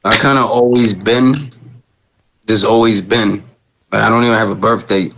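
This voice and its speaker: A man's voice: lowish voice, steady tone, moderate pace, a bit bright, low-quality recording. A middle-aged man speaking as a guest on a podcast, laid-back and loose with slang and fillers. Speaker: guest rapper. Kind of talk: casual podcast chat.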